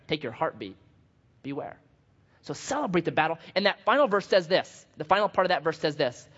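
A man preaches in a church sanctuary, his voice a touch high and very lively, swinging from loud bursts to hushed asides. The sound is a little dull and lo-fi. A long hall reverb trails behind his words. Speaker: pastor. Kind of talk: sermon.

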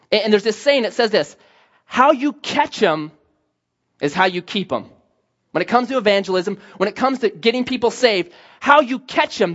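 A man preaching a sermon as a pastor, telling stories with lively acted-out dialogue. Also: high-pitched. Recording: dull lo-fi sound.

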